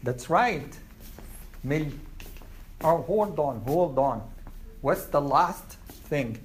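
A man teaching a language class at a very slow, deliberate pace. He repeats each word for his students. A faint hiss of room ambience sits under his voice. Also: on the high side, animated. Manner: slow, repeats words for learners. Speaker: Arabic teacher.

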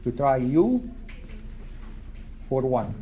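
A man teaching an Arabic class, repeating words slowly for his students. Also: mid-range voice, sing-song, dark tone, a little hiss or hum. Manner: slow, repeats words for learners.

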